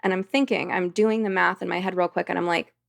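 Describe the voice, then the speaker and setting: A woman's voice: fairly low pitch, fairly even intonation, fast talker, gravelly. A woman, a podcast guest, telling a vivid story in casual conversation. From United States.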